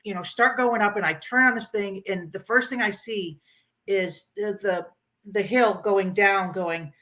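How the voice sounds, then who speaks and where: Florida woman telling a ride story, bright voice, lots of ums and laughs. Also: medium pitch, measured pace. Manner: animated, laughing, with many ums and restarts. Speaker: interviewee, motorcycle rider. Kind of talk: casual storytelling interview.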